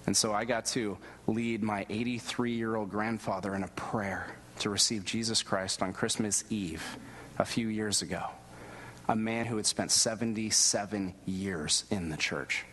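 A man preaching a sermon and telling a personal story in an earnest way, going low and soft at the moving parts. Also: normal speed, a little hiss or hum. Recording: long reverb of a large hall.

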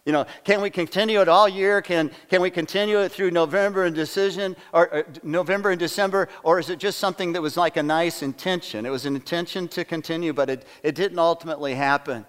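A man's voice: a little high, quick pace, hardly any pauses, clear, resonant tone. A male pastor preaching a sermon in a conversational way, often putting questions to the congregation. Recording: long hall reverb.

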